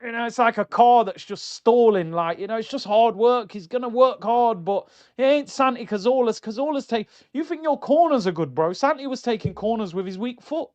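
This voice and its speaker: Middle-aged guy hosting a fan stream; high-pitched, mocking, slightly dull lo-fi audio. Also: brisk, hardly any pauses. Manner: animated, mocking, jumps into high exclaims. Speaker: football fan channel host reading viewer comments. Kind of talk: casual live-stream rant.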